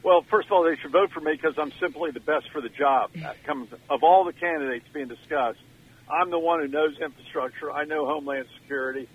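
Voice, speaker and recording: A man's voice: a little high, a little fast, slightly rough, narrow, tinny audio. An older man, calling in from his car as a radio guest and telling stories in a folksy, emotional way. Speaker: guest, former governor. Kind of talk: phone-in radio interview.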